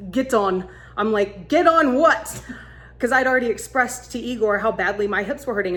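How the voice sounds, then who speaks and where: A woman casually telling a funny travel story, animated and laughing as she acts out what people said. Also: on the high side. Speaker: vlogger.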